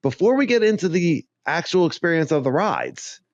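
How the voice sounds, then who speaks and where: A man's voice: on the high side, very animated, moderate pace, darkish tone, no echo. Man rambling and joking in a dry, dull recording. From Arizona. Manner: rambling, joking, laughs often. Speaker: podcast co-host. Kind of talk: casual chat.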